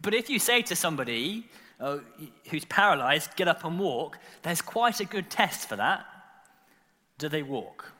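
A man preaching a sermon, telling the story in an animated way with lots of fillers and repeated words. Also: on the high side, a little slow, in a large hall. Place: church.

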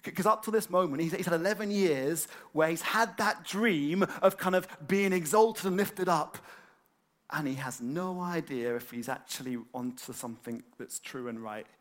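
A man preaching a sermon, animated and conversational, with many fillers and repeated words. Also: a little high, moderate pace. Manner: animated, acts out excited quotes.

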